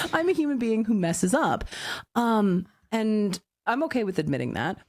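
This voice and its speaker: Co-host, a mother with a frank, wry and animated delivery, recorded dry and close. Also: mid-range voice, measured pace, no room sound. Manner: frank, wry and animated, plays mock-stern voices. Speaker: podcast co-host. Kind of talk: casual chat.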